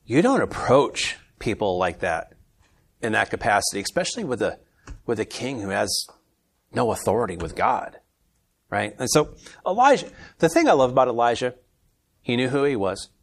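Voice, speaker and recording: A man leading a casual Bible study, reading scripture aloud with more force and then commenting in a low, easygoing aside. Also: very animated, moderate pace, pauses often. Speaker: Bible teacher.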